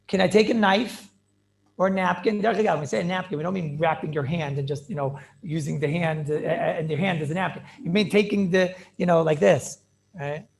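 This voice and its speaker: A rabbi teaching a Talmudic class over a video call, repeating phrases and checking in with "right?" and "clear?". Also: male voice, on the high side, steady tone, brisk, darkish tone.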